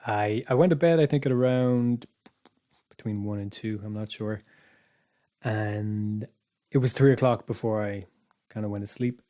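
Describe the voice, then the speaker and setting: A man casually telling a spooky story on a podcast, rambling with restarts and dropping to a hush for his own thoughts. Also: lowish voice, normal speed, long pauses. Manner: rambling, restarts, quiet asides when recalling his thoughts. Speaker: podcast co-host.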